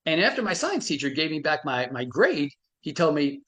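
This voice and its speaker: A man's voice: on the high side, big pitch swings, normal speed, hardly any pauses, a bit bright. A middle-aged man, a frequency medicine expert, telling stories animatedly with many restarts on a live stream. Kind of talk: motivational talk on a live stream.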